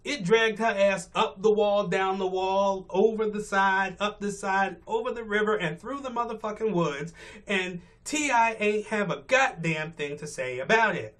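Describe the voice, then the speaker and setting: A man's voice: high voice, a bit bright. A male vlogger giving blunt, profane, exasperated rant commentary from his car on a morning commute. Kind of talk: ranting commentary.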